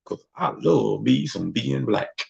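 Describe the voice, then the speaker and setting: Speaking slowly in a mid-range, somewhat dark voice with vocal fry, this animated talk show host from Mississippi keeps things loose and conversational. He often acts out other people by putting on voices, and the audio is dull and lo-fi.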